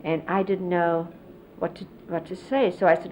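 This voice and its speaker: A fairly low-pitched middle-aged woman recalls her spiritual teacher at normal speed, barely pausing and with little pitch movement. Her casual story explains hand gestures and is thick with fillers. It's heard on dull 1970s videotape carrying a faint hiss.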